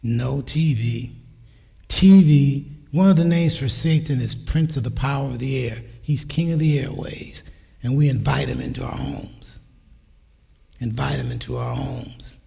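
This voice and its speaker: With a mid-range, gravelly voice that's dark and husky, a church speaker in his sixties takes his time delivering a sermon on parenting. His intonation is lively as he recounts family stories and quotes his relatives in his own voice, all inside a reverberant sanctuary.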